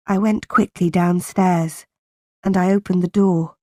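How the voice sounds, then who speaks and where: A woman narrating a simplified audiobook in a slow, plain and deliberate reading voice. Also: fairly low pitch, steady tone, a little mellow, dry recording, clean studio sound. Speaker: audiobook reader.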